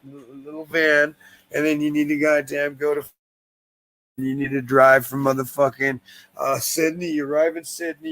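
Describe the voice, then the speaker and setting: A man with a raspy, fry-heavy voice pitched a little high. He chats loosely on a stream, blunt and profane. His talk runs on with plenty of swearing. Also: low-quality recording. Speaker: guest. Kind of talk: casual stream chat.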